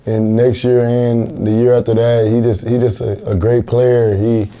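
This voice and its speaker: A man's voice: mid-range voice, flat delivery, measured pace, mellow. A young college football player answering interview questions in an earnest, plain-spoken way, often repeating words as he thinks. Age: young adult.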